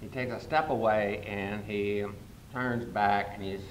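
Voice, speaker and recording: An older man giving a humorous, storytelling speech as a guest speaker at a conference, with sudden loud jumps in his delivery. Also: fairly even intonation, a little slow. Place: conference hall. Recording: echoey hall with faint rumble.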